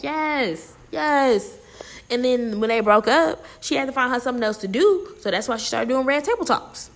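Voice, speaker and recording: A woman's voice: high voice, animated, moderate pace. Blunt, profane young woman ranting. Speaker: vlogger. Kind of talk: casual rant and gossip.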